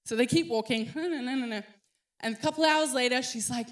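A woman in her thirties preaching a sermon, telling a story with animated acted-out voices. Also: a little high, a little fast. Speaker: pastor.

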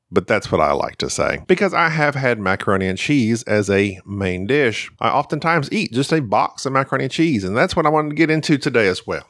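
A man hosting a comedic podcast solo, joking and mocking himself in a deadpan way. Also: medium pitch, dry recording, studio quality. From United States. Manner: jokey, deadpan self-mocking. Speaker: podcast host.

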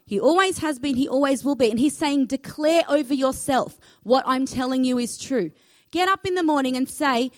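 A woman's voice: sits high, dry recording. A woman pastor, preaching a sermon in an earnest, emphatic way, repeating key phrases and inviting the congregation to speak along.

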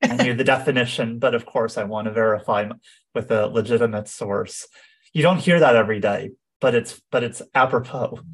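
A man's voice: medium pitch, a little fast. A man co-hosting a podcast in casual chat, talking thoughtfully with frequent "um"s and "uh"s. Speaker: podcast co-host.

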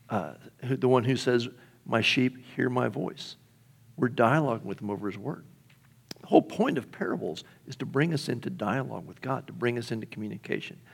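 A man's voice: medium pitch, creaky. A middle-aged male pastor preaching a sermon in a conversational way, often asking the congregation questions.

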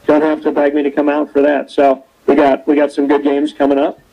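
Young male host, slightly high voice, upbeat storyteller energy. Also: fairly quick, vocal fry, highs cut off. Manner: lively storyteller, animated quoting. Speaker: show host. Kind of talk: casual interview chat. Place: cold rink-side spot, outdoors or arena.

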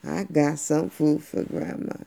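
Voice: mid-range voice, steady tone, measured pace, vocal fry, warm tone. A parent voicing a sassy little girl in a red hood who sings a sing-song tune and talks back.

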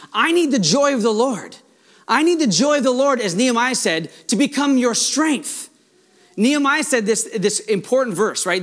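A male pastor preaching a sermon in an excitable, fast-running way, with many restarts. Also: extremely high pitch.

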